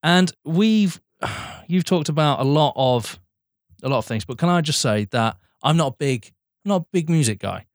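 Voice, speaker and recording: A man's voice: fairly high pitch, animated, moderate pace, dry recording, studio quality. A man co-hosting a film podcast, chatting casually, swearing and laughing often. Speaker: podcast co-host.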